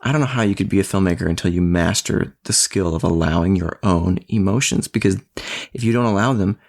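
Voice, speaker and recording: A man's voice: low voice, fairly quick, gravelly. A man co-hosting a podcast, a filmmaker and parent talking casually and telling stories with lots of laughter. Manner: animated storyteller, laughs often. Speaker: podcast co-host. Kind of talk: casual conversation.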